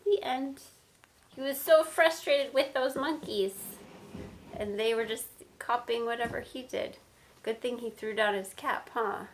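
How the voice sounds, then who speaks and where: A woman teacher reads a picture book aloud to children in an animated way, pausing to quiz her listeners. Her voice is high and her pace unhurried. A faint hiss of noise sits under the recording. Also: rough recording. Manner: animated, asks listeners questions.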